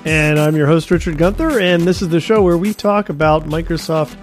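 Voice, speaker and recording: Slightly higher-voiced podcast co-host man. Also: brisk, faint music behind. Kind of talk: casual podcast chat.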